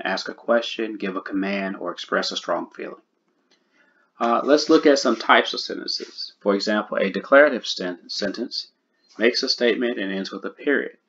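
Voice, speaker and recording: A man with a fairly low voice teaches a grammar lesson. He talks slowly and deliberately and goes back over each key point. The recording sounds dull and lo-fi. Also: a bit bright.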